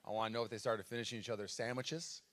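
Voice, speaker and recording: A man's voice: fairly low pitch, fairly even intonation, very fast, fairly bright tone. A man preaching a sermon as pastor at a live church service, telling a story in a casual way with fillers.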